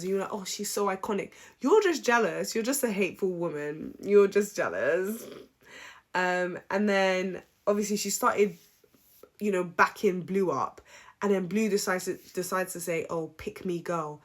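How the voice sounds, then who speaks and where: A woman's voice: medium pitch, moderate pace. Chatty outspoken woman. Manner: chatty, animated, outspoken, with frequent ums. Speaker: reality show recap vlogger. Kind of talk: casual opinionated recap.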